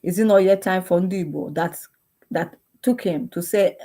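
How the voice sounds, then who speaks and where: A young woman with a Nigerian accent speaks in a fervent, pleading way, firing off one rhetorical question after another and then shifting into prayer. Her voice sits on the lower side for a woman. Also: moderate pace, dark tone. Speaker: activist. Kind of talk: impassioned appeal and prayer.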